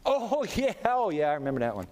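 A man's voice: sits high, huge pitch swings, a little fast, a little mellow. A preacher voicing God as a breezy, playfully puzzled male judge. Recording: long reverb of a big hall.

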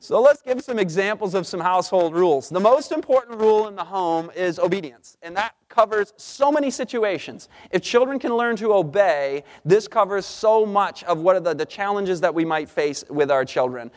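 A man's voice: sits high, expressive, normal speed, hardly any pauses. Earnest man giving a parenting talk. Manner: earnest, anecdotal with joking asides. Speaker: speaker on Christian parenting. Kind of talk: seminar talk.

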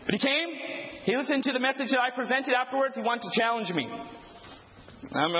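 A man's voice: high-pitched, fairly quick, slight background noise. A man preaching a sermon, telling stories and acting out the dialogue with animation. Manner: animated storytelling, acts out dialogue. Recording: echoey hall, dull lo-fi sound.

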